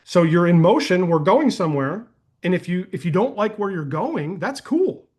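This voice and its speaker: An energetic man hosts a live coaching call and answers attendee questions in a folksy, conversational way. His voice sits a little high for a man, and he talks with loose, friendly enthusiasm. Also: normal speed, breathy edge. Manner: energetic and folksy, uses "y'all", tells anecdotes. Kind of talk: casual webinar Q&A.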